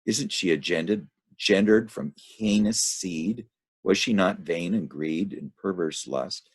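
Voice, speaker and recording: A man's voice: low-pitched, takes it slowly, slightly rough, pitched above the performer's own voice, exaggerated voice. A man reading the lines of a frightened male traveler in the underworld, in an anxious, questioning manner.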